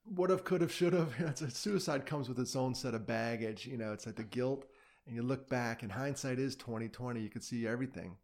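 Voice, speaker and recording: Middle-aged male podcast guest, plain-spoken, tells his story in a medium-pitched voice. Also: brisk, a little mellow. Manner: candid, tells his story with quoted asides. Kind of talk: conversational storytelling.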